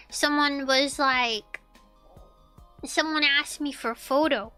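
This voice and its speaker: A young woman streamer telling a story in casual chat, animated, swearing and repeating her lines. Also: high-pitched, slow pace, soft background music.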